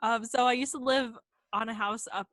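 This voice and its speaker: A woman's voice: on the high side, steady tone, moderate pace, fairly bright tone, no room sound. A young woman from San Jose telling a ghost story casually on a podcast, chatty and full of fillers. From San Jose, California. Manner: chatty, many fillers and quoted voices. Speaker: podcast co-host.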